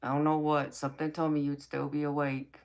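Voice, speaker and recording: A woman with a low, raspy voice hosting a late-night live stream, reading viewer comments and answering them in a sassy, affectionate way. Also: little pitch movement, a little fast, darkish tone. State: dry mouth from talking a lot. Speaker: tarot reader and live-stream host.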